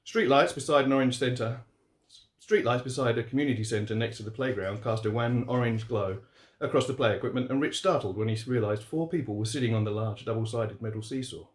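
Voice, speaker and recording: A man's voice: mid-range voice, brisk. Man reading horror in echoey room. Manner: relaxed, steady, few fillers. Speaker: author reading his story. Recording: roomy echo.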